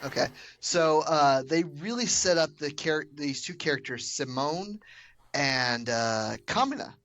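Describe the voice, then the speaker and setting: A man's voice: on the high side, a little slow. A man co-hosting a podcast, telling stories eagerly with plenty of fillers. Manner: eager, animated storyteller with many fillers. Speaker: podcast co-host. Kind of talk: casual podcast chat.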